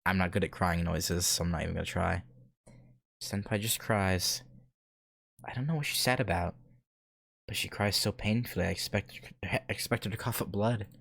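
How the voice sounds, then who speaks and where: A man reading a visual novel aloud, earnest and slow, breaking off for joking asides. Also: low voice, vocal fry, no room sound. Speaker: let's play host. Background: loud piano music.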